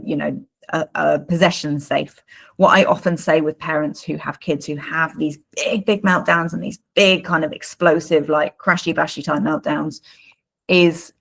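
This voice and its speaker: A woman's voice: low-pitched, creaky. A woman leads a live parenting workshop as a coach, talking in a chatty, informal way with many fillers and repeated words. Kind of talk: live online workshop talk.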